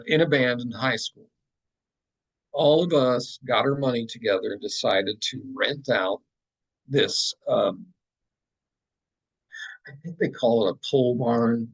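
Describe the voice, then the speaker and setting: A man who is an artist and a podcast guest tells a story casually and with animation, scattering fillers and asides throughout. His voice is mid-range, and the recording quality is low.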